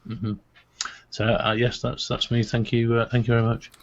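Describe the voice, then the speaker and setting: A man's voice: mid-range voice, completely flat delivery, moderate pace, muffled recording. A man co-hosting a casual live-stream chat, talking hesitantly and often repeating his words. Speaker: co-host.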